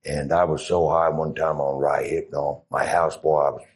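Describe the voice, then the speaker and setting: A man's voice: a bass voice, flat delivery, moderate pace. A middle-aged man, a former Marine, telling rambling, profane stories in a casual interview. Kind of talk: casual storytelling.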